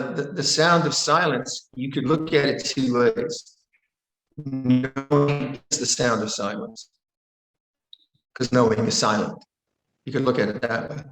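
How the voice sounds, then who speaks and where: Older man, Buddhist monk, calm dharma talk, halting restarts, mid pitch, echoey room. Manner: calm, repetitive phrasing with frequent restarts. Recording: roomy echo.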